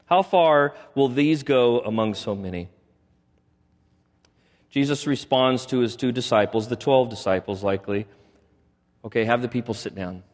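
A man preaching a sermon, retelling a story with animated delivery and acting out quoted lines. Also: mid-range voice, big-room sound. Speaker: pastor.

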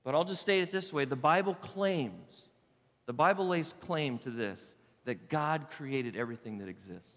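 Guy preaching a sermon, high bright voice, punches words then goes soft, big echoey church. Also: animated, moderate pace. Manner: emphatic preaching, drops to soft asides. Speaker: pastor. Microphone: handheld microphone. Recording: reverberant church hall.

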